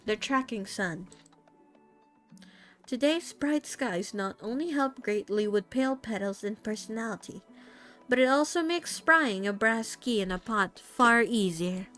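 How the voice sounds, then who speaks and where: A young woman streaming, reading a story game aloud in an unhurried storybook manner with casual asides. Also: fairly high pitch, fairly bright tone.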